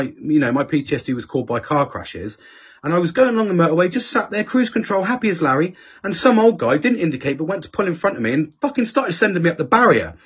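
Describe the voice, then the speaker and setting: A fairly high, husky man talks in candid conversation. His pitch rises and falls a lot, he swears freely and keeps restarting his sentences. The audio sounds dull and lo-fi. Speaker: podcast guest speaker.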